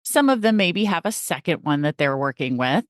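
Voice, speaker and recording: A woman's voice: low voice, expressive, moderate pace, dry recording, clean studio sound. A woman from the United States hosting a show, introducing her guest in an upbeat, effusive way. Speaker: show host. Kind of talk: enthusiastic podcast host introduction.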